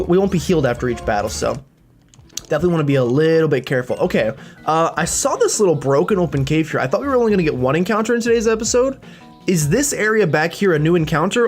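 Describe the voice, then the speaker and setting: A chatty let's-play commentator narrating a game run. The speech is quick and playful with pitch swinging widely, and faint game music plays underneath.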